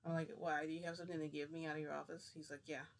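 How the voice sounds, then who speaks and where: A man's voice: a little high, flat delivery, rapid-fire, gravelly. A man casually retelling a personal story to the camera, rambling and acting out dialogue with "I'm like" and "he goes". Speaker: vlogger.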